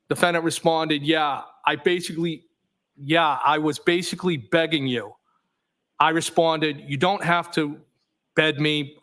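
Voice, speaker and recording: A man on a witness stand reads a string of text messages aloud, line by line. His voice sits a touch high for a man, and his delivery stays flat and methodical. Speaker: trial witness.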